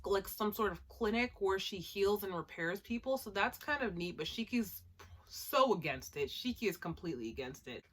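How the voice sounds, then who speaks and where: A woman casually recapping an anime episode, chatty and animated, with lots of "like" and laughing asides. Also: mid-range voice. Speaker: anime reviewer.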